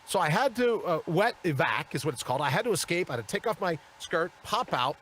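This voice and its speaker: A man hosting a live show from a studio, telling a story with lots of animation and acting out each character. His voice sits a little high for a man, and it rises and falls constantly as he talks. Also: fast, slight background noise. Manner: animated, acts out the people in his stories. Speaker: talk show host.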